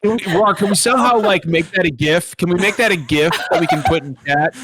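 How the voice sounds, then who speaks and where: A man co-hosting a casual gaming podcast, telling stories in an animated way and swearing freely. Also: high-pitched, a little fast, crowd noise. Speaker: podcast co-host.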